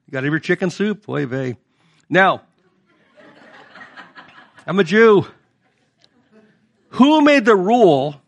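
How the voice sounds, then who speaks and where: A man's voice: high voice, fairly bright tone. A middle-aged male pastor preaching a conversational sermon and putting questions to the congregation.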